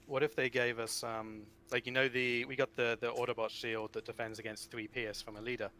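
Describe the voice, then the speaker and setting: A man's voice: mid-range voice, brisk, a little hiss or hum. Chatty man who rambles about card games. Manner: rambling, restarts often, animated asides. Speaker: guest, card game writer. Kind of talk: casual chat about a card game.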